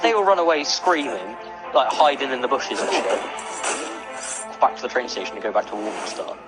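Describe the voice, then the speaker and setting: A young man telling a wild story in a casual chat, animated and full of swearing. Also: mid-range voice, moderate pace, over loud music, poor audio.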